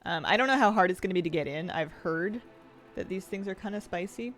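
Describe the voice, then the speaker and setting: A woman's voice: on the low side, expressive, a little fast, faint music behind. A woman streamer chatting casually while she plays, rambling and thinking aloud with easy laughs. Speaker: game streamer. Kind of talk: casual live-stream chat while gaming.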